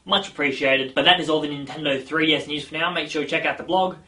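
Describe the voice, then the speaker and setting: A man's voice: on the high side, steady tone, fast talker, bright, forceful tone. A man hosting a casual gaming news vlog, chatty and full of self-mocking asides.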